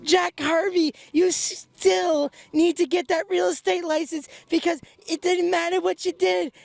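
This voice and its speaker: A man's voice: flat delivery, unhurried, no echo, full character voice. A man voicing a rowdy, boastful stuffed beaver mascot who gloats and taunts with fake sobbing. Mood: gloating. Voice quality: squeaky and gravelly. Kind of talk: comedic character rant.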